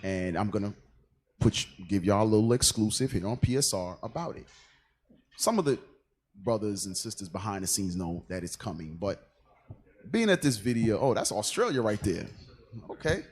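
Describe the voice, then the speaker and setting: Husky man hosting, lively up and down. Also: lowish voice, normal speed. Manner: animated, laughs easily, repeats words. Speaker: radio show host. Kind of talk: casual online radio talk. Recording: online call audio.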